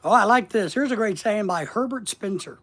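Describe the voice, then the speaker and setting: A man's voice: high-pitched, expressive, a little fast, a bit bright. A middle-aged man with a slight Southern accent who coaches online business in a rambling, plainspoken, casual livestream lesson.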